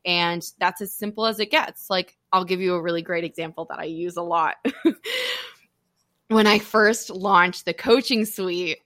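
Young woman, podcast host, candid casual chat, lower-pitched bright voice. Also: moderate pace, few pauses, dry recording, clean studio sound. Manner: open, animated storytelling with frequent laughter.

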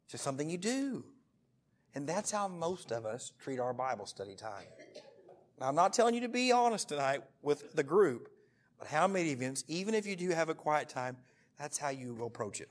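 A man in his thirties preaching a sermon to a church group, telling jokey stories and breaking into sudden loud bursts. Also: on the high side, big pitch swings, moderate pace. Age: 30s. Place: church meeting room.

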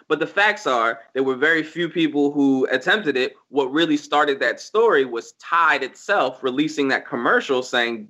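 A man talking on a podcast in casual chat, animated and emphatic, swearing freely as he argues his point. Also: medium pitch, normal speed. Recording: dull lo-fi recording.

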